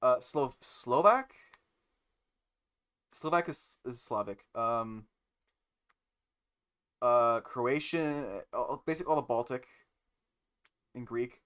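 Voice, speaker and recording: Slow, smooth-voiced male streamer, thinks aloud between lines of code. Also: mid-range voice, a bit bright. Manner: slow and musing, thinking aloud with many pauses and fillers. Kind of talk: casual live-stream chat while coding.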